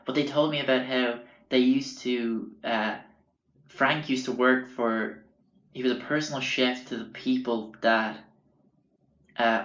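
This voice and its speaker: A man's voice: mid-range voice, fairly bright tone. A young man hosting a podcast, telling a casual story in a rambling, profane way full of fillers. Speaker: podcast host. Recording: roomy, slightly dull recording.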